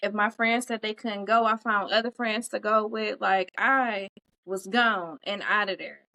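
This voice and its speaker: A woman's voice: mid-range voice, steady tone, a little slow, bright, forceful tone, poor audio. A woman co-hosting a podcast, talking earnestly and casually, with many "like" fillers, about living fully. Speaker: podcast co-host.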